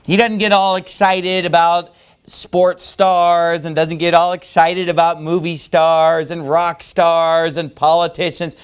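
A man's voice: fairly high pitch, flat delivery, takes it slowly, smooth. A man preaching a sermon verse by verse in a loose, conversational way, often saying "you know.". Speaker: pastor. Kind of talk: expository sermon on a Bible passage.

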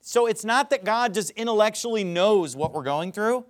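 A man preaching a sermon, speaking emphatically and rising into loud dramatic quotations of scripture. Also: sits high, animated, moderate pace.

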